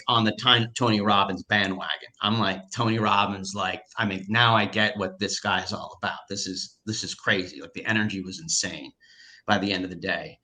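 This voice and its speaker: A man telling a personal story in casual conversation, excitable and full of filler words and restarts. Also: lowish voice. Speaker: storyteller recounting a personal experience.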